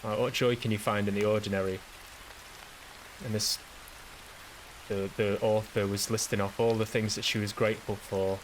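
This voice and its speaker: A man with a fairly low voice talks his way through a casual solo podcast monologue. He rambles with plenty of swearing and self-deprecation, and faint hiss sits underneath. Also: little pitch movement, normal speed, long pauses, poor audio. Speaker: podcast host.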